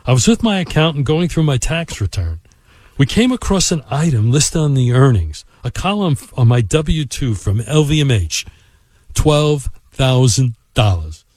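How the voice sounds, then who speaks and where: A man hosting a show and telling a personal work anecdote in an expressive, animated way. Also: medium pitch, moderate pace, no room sound. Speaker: podcast host and storyteller. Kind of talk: anecdotal storytelling.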